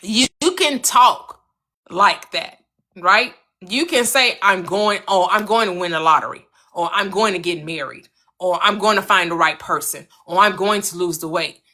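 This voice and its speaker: An American woman hosting her own channel, giving an earnest motivational talk on manifesting, repeating her points and swinging her pitch up for emphasis. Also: normal speed, sharp tone.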